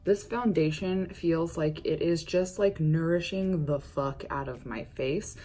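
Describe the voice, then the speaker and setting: A woman's voice: deep voice, unhurried, mellow. A woman chatting through a makeup vlog, rambling and swearing freely as she defends herself. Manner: defensive ranting. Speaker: beauty vlogger.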